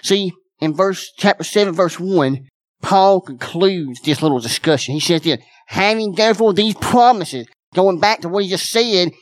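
A man's voice: sits high, moderate pace, no echo. A man preaching a sermon as pastor, folksy and repetitive, with many restarts.

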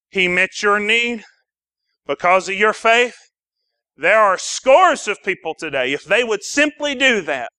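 A man's voice: sits high, pushed and bright, no echo. A man preaching a sermon as pastor, calling out to the church with rising fervor.

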